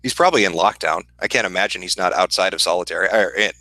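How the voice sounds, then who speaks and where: A man with a Midwestern accent, hosting a casual livestream and answering chat questions in a profane, deadpan, sardonic way. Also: deep voice, fast, no room sound, low-quality recording. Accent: Midwestern American.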